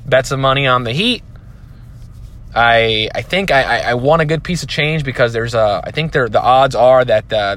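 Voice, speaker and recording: A man's voice: medium pitch, bright, forceful tone. A man hosting his own podcast, rambling and joking in casual solo chat, with lots of fillers and restarts. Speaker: podcast host.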